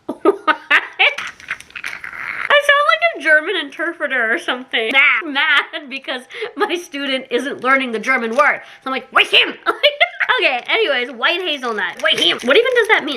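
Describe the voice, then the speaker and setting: Bright, giggly young woman vlogger. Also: high voice, slight background noise. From Canada. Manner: chatty, giggly, self-mocking. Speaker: YouTuber doing a taste test. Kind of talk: casual taste-test vlog.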